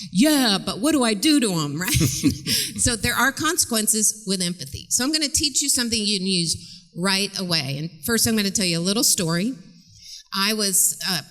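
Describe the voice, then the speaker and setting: A middle-aged woman gives a chatty, animated talk in a church, telling stories, acting out voices and laughing often. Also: lowish voice. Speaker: guest speaker and parenting teacher. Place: church sanctuary stage. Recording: long reverb in a large church.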